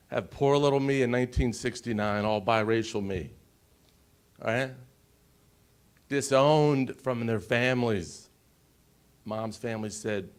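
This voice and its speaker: A man in his forties telling his personal story on a conference stage, emotional and pausing, often asking the audience questions. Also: mid-range voice. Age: 40s. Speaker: conference speaker.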